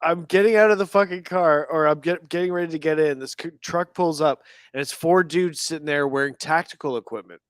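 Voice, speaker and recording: High-voiced man telling a story. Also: fairly quick, few pauses, clear, resonant tone, no echo. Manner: animated, profane, laughs often. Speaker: podcast guest. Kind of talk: casual storytelling chat.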